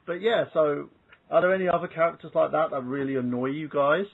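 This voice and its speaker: A man's voice: on the high side, steady tone, a little fast, creaky, a little hiss or hum. A man chatting casually as a podcast host, looking things up while he talks. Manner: chatty, browses a wiki while talking. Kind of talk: casual group chat. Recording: phone-like call audio.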